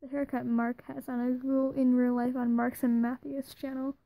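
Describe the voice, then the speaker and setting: A woman reading a second-person fan fiction story aloud in a plain, even way. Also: high voice, normal speed, gravelly, no room sound, poor audio.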